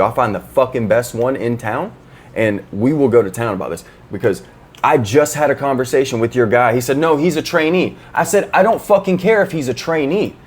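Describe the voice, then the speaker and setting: A man co-hosting a podcast, telling a story in a heated, profane, animated way. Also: medium pitch. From Florida. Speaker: podcast co-host. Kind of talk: casual chat, telling a story.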